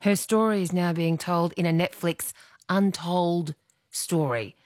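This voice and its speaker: A woman's voice: fairly low pitch, steady tone, a little slow, darkish tone, no room sound, clean studio sound. A woman hosting a casual radio chat, playfully quizzing her guest. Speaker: radio host.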